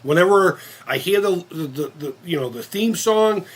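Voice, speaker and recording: A man's voice: high-pitched, animated, moderate pace, slightly rough. A man of fifty hosting a casual live-stream chat, rambling and cursing with many restarts. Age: 50s. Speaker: channel host.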